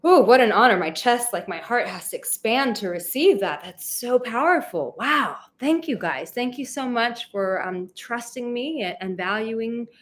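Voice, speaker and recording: A woman's voice: on the high side, expressive, unhurried, hardly any pauses. Effusive woman hosting a livestream. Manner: effusive, emotional, gushing with gratitude. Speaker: dating and relationship coach hosting a livestream. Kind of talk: livestream chat to viewers.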